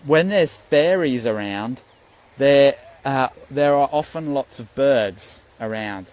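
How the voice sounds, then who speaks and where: A man's voice: mid-range voice, lively intonation, takes it slowly, darkish tone, low-quality recording. A man, a spiritual teacher giving an earnest, rambling Facebook Live talk and swearing freely.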